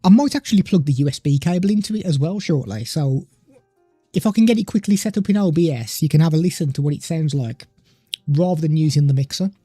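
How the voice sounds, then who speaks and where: A man's voice: on the high side, lively intonation, fast, mellow, husky, no echo, soft background music. Chatty man on a dry mic. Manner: chatty, loose, stops to talk to his pet. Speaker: tech livestream host. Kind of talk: casual live product demo. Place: home desk streaming setup. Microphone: studio microphone through a mixer at a desk.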